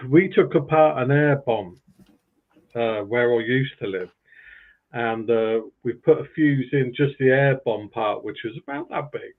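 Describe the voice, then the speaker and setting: A man's voice: medium pitch, measured pace. A man on a live panel, telling rambling stories with plenty of ums and uhs. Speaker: panel guest. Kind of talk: casual chat on a live stream. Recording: tinny phone-like call audio.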